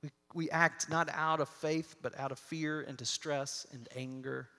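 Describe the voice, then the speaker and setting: A man preaching a sermon as pastor, conversational, often restarting his words and dropping his voice low and soft for scripture quotes. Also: steady tone, a little slow. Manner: conversational, with repeated restarts and softened dramatic quotes. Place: church sanctuary. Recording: long reverb of a large church hall.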